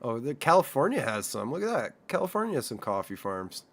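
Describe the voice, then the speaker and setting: A man's voice: mid-range voice, sing-song, brisk. Rambling, swearing Canadian streamer guy. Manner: rambling, profane, chatty. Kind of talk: casual gaming commentary.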